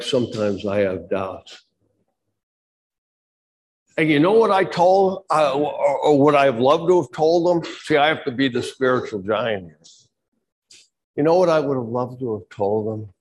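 A middle-aged male pastor preaching a sermon with fervor, dropping low and then shouting. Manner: fervent preaching that swings from quiet to shouting.

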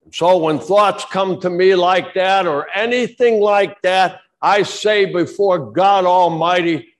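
A middle-aged male pastor preaching a sermon with fervor, dropping low and then shouting. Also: slow pace, hardly any pauses. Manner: fervent preaching that swings from quiet to shouting.

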